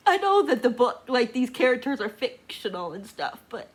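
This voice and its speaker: A woman's voice: fairly high pitch, very animated, measured pace, slight background noise. A woman book vlogger talking casually and emotionally, crying and laughing through tears as she talks to the camera. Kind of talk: casual reading vlog.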